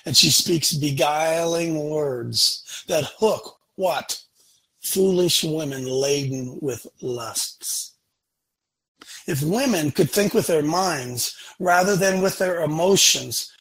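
A man's voice: a little high, takes it slowly, a bit bright, breathy edge, poor audio. A man hosting a talk show, preaching in a blunt, emphatic way and repeating lines for punch. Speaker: show host.

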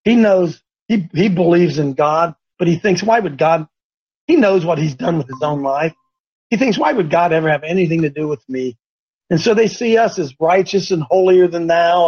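Husky high-voiced man telling a story. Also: moderate pace, muffled recording. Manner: animated, stumbling, repetitive storyteller. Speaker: host. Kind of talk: faith talk show storytelling.

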